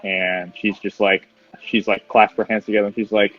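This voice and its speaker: A man's voice: fairly low pitch, level tone, moderate pace, a bit bright, soft background music, low-quality recording. A man narrating a tabletop game as game master in a rambling, hesitant way. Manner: rambling, filler-heavy, hesitant.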